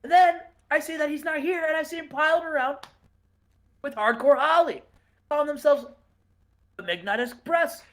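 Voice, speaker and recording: Man playing a jittery, excitable wrestler, high and loud. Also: normal speed, pauses often. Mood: frantic.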